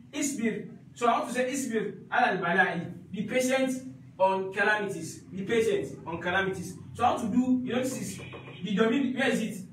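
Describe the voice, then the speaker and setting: A man's voice: high voice, fairly bright tone, heavy reverb, far from the mic, slight background noise, rough recording. A man teaching an Arabic grammar class, repeating each point and checking that students follow.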